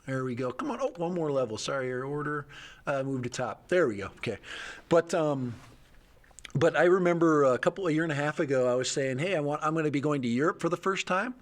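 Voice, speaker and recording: A man's voice: fairly high pitch, fairly quick. A middle-aged man hosting a live stream, chatting casually and rambling, often restarting his sentences and laughing.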